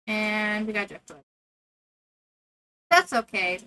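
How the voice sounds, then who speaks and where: A woman's voice: mid-range voice, lively intonation, slow, bright, forceful tone, slight background noise. A woman streamer giving casual gameplay commentary, playfully talking to the game characters and to herself.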